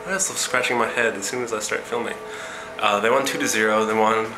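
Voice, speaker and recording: A man's voice: lowish voice, fairly even intonation, fast talker, over music. A young man chatting casually in a rambling video diary. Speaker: exchange student vlogger. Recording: echoey room, faint noise.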